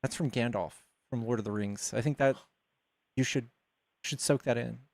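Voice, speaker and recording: A man's voice: mid-range voice, normal speed, gravelly. A man hosting a live debate who argues back with blunt, sarcastic pushback. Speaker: host. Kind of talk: debate with a caller.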